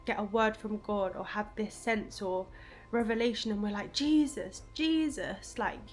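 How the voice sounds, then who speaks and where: A young woman chatting casually in a home vlog, animated and emotional, full of fillers. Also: mid-range voice, normal speed, faint music behind. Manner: animated, emotional, lots of fillers like "like" and "I don't know". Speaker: vlogger. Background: washing machine running.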